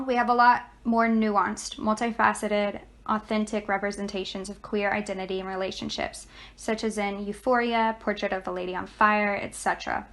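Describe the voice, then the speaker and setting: A woman's voice: mid-range voice, a bit bright. A young woman, a student, giving a scripted class presentation and reading steadily from her notes.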